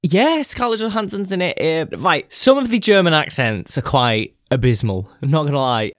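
A young man chatting on a podcast, his pitch swinging widely as he jokes and laughs along. The sound is dry and close, with no room around it. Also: normal speed, no room sound. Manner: animated, laughs often, jokey asides. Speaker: podcast co-host. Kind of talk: casual chat.

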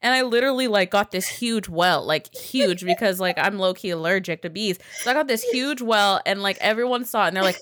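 A woman in her twenties telling stories in casual chat, animated and full of swearing. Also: mid-range voice, brisk, hardly any pauses, no room sound, studio quality. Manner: profane, animated storyteller.

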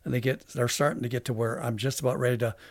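A man, a veteran guest on a podcast, telling a long story in a halting way with many restarts. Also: medium pitch, flat delivery, no room sound. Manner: halting, with frequent restarts and fillers. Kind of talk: casual storytelling interview.

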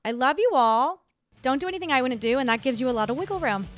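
A woman's voice: high-pitched, animated, fast talker, soft background music. A young woman hosting a podcast, giving blunt, sassy relationship advice in a casual, playful chat. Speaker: podcast host.

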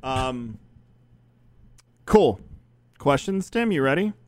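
A man's voice: mid-range voice, animated, takes it slowly, no room sound, clean studio sound. Playful man bantering on a podcast. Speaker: podcast co-host. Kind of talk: casual chat.

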